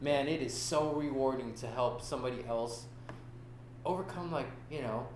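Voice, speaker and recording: A man's voice: mid-range voice, moderate pace, slight background noise. A man co-hosting a fishing podcast who chats casually, in an upbeat way and full of slang. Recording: roomy podcast recording.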